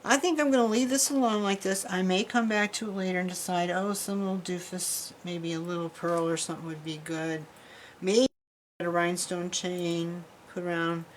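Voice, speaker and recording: A woman's voice: fairly low pitch, steady tone, moderate pace, a little hiss or hum, low-quality recording. Chatty woman demonstrating jewelry crafts. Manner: chatty, rambling, talks while working with her hands. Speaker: jewelry-making instructor. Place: craft workshop.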